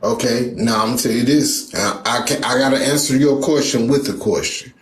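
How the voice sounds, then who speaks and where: A man talking in a casual debate, hesitant and halting, often restarting his sentences. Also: mid-range voice, reverberant.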